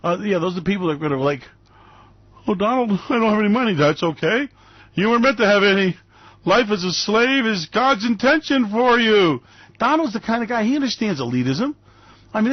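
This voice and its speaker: A man's voice: sits high, no echo, dull audio. A man hosting a finance radio show in a sarcastic, theatrical, mock-gushing way. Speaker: host.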